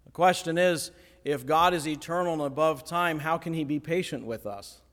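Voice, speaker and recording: A man preaching a sermon, animated, acting out the voices of the people he quotes. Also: a little high, normal speed. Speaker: pastor. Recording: long hall reverb.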